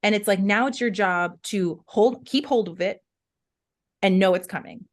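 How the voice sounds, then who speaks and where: A young adult woman co-hosts a casual podcast, talking at a mid pitch in an expressive, storytelling way. She fills her speech with "like" and "right?" as she works through her thoughts. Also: moderate pace. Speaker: podcast co-host.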